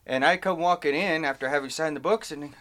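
A middle-aged man with a somewhat high voice spins long, salty anecdotes about work and family. He talks in a loose, rambling podcast way, slipping into quick impressions of the people in his stories. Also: fairly bright tone. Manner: rambling, profane anecdotes with acted quotes. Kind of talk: casual podcast chat.

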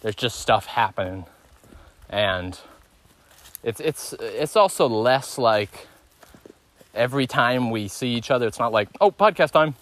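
A man's voice: mid-range voice, a little slow, long pauses, a bit bright. A young man co-hosting a podcast, chatting casually while hiking outdoors on a woodland trail, rambling and laughing often. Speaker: podcast co-host.

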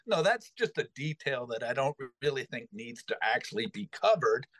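Middle-aged male storyteller, a bit high-pitched, lively, dry close sound. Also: moderate pace, no room sound, low-quality recording. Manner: animated, acts out quoted voices. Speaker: podcast host telling a story. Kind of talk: casual storytelling.

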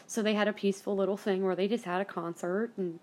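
Woman host, casual storytelling monologue, blunt and profane, rambling with fillers, mid-pitched voice. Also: fairly even intonation, quick pace, darkish tone. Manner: chatty and blunt, swears freely; rambling, with many fillers and self-corrections. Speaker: podcast host.

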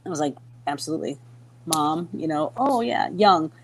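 A middle-aged woman from Minnesota telling a story in a casual chat, lively and often acting out the voices of people she quotes. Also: low-pitched, moderate pace, slight background noise. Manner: animated, acts out quoted voices, many restarts. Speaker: podcast guest.

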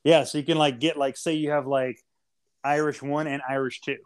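A man's voice: a little high, little pitch movement, fairly quick, clear, resonant tone. A man co-hosting a casual podcast, ranting and joking with lots of swearing and mock insults. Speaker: podcast co-host.

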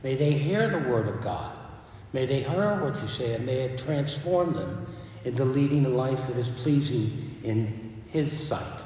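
A man's voice: mid-range voice, animated, a little slow, darkish tone. A man, a priest, giving a sermon in a church in a conversational way, with asides and restarts. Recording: echoey church from far off.

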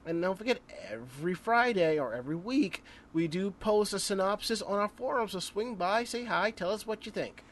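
A man's voice: sits high, lively intonation, moderate pace, hardly any pauses, fairly bright tone, slight background noise. Chatty man hosting a podcast. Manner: chatty, rambling, friendly asides. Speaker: podcast host. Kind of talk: casual chat.

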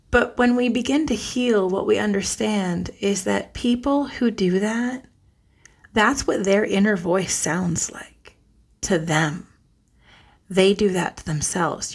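A woman giving a gentle self-care lesson, soft and earnest, often dropping almost to a whisper. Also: mid-range voice, creaky, breathy edge. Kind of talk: guided self-talk lesson.

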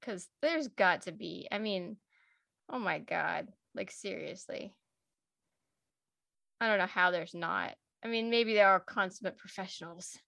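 A woman co-hosting a casual podcast chat about a TV show, animated and swearing freely. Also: medium pitch, measured pace, vocal fry. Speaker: podcast co-host.

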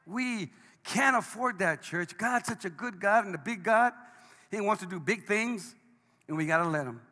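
A man, a pastor, preaching a sermon, swinging between hushed lines and shouted ones. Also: high-pitched, animated, normal speed. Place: church sanctuary. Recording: long hall reverb.

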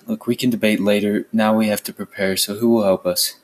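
A man voicing a determined young villager from a storybook. He speaks low, quiet and resolute. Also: level tone, a little fast, close to an everyday voice.

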